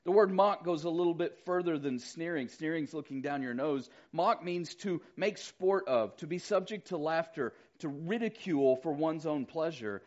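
A middle-aged man preaching a sermon as pastor, conversational and animated as he retells the story. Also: on the high side, moderate pace, few pauses, muffled recording.

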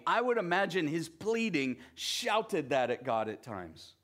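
Slow-spoken man preaching a sermon. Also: on the high side, very animated, fairly bright tone. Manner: conversational, with frequent asides to the listeners. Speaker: pastor.

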